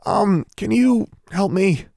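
A man's voice: sits high, takes it slowly, vocal fry, warm tone, dry recording, studio quality, pitched above the performer's own voice, full character voice. A man voicing a determined, stubborn schoolgirl witch who presses her questions insistently in a raised voice, in a storybook reading. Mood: uncertain.

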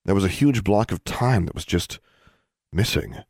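Deep-voiced male audiobook narrator. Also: moderate pace, a little mellow, dry recording, clean studio sound. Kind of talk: scripted narration.

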